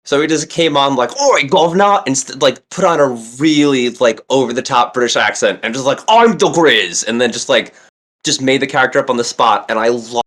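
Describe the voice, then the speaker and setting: Rambling man, mid-pitched, full of fillers. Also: steady tone, fairly quick, a bit bright. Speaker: podcast co-host. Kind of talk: casual chat.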